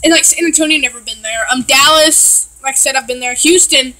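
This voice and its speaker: A woman's voice: sits high, fairly quick, pushed and bright, faint music behind, poor audio. A woman from Texas, chatting casually and ranting with lots of swearing and filler words while reacting to a video.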